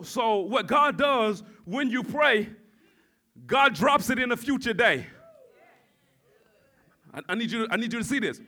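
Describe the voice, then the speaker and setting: This male pastor is deep in a sermon, his very high voice bright and forceful. As he preaches, he calls on the congregation to answer back and works his way up to shouting.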